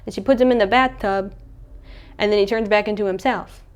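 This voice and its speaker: Young woman, movie recap, chatty and animated with a smooth, clear voice, mid-range pitch. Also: fairly quick. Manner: chatty, animated, acts out characters' lines. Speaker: movie reviewer.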